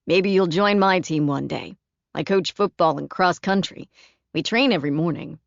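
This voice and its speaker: A woman's voice: on the low side, normal speed, gravelly, dry recording, muffled recording. A woman reading an audiobook, voicing an easygoing male coach who talks to a boy with practiced ease. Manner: calm, practiced ease with a child. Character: man, adult sports coach, easygoing.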